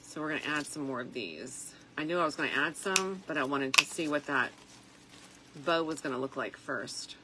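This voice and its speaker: A tired middle-aged woman chatting softly and reflectively as she makes a wreath, with plenty of fillers along the way. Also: low-pitched, lively intonation, moderate pace, very noisy. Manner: soft-spoken and reflective, with frequent fillers. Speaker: craft vlogger. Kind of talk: casual crafting chat.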